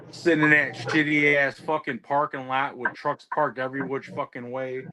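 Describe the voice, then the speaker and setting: A man's voice: medium pitch, little pitch movement, moderate pace, hardly any pauses, background noise. A man who drives trucks, chatting casually and telling stories while swearing heavily. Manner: heavy swearing, ranting storyteller. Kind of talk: casual chat.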